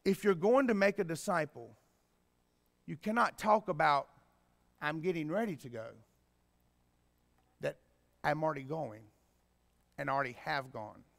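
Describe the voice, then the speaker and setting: A man preaching a sermon as pastor, swinging from quiet explaining to loud emphatic bursts. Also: on the high side, expressive, a little slow, creaky, long pauses. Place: church sanctuary. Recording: long reverb in a church hall.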